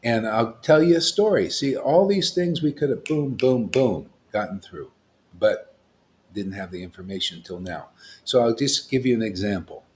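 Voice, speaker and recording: A man's voice: on the low side, animated, normal speed. A man giving an informal spiritual talk as a teacher, rambling and often checking in with "see?" and "you know.".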